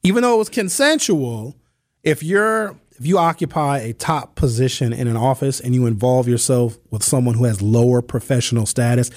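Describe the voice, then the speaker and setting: A man hosting a radio talk show, speaking casually and telling stories in slangy, animated speech. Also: medium pitch, moderate pace, dry recording, studio quality. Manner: animated storytelling, slangy, reads listener texts. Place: radio studio. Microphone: studio microphone.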